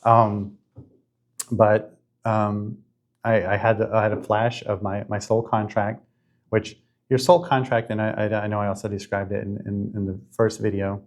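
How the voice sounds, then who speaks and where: A man in his fifties hosting a podcast, telling a spiritual story in an earnest, halting way with many restarts. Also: lowish voice, flat delivery. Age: 50s. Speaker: podcast host.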